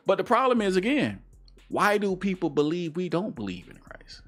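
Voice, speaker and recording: A man's voice: expressive, fairly quick, fairly bright tone. Heated preachy man on talk radio. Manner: heated, preachy, swings from low mutters to high outbursts. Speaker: radio show co-host. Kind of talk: casual talk radio discussion.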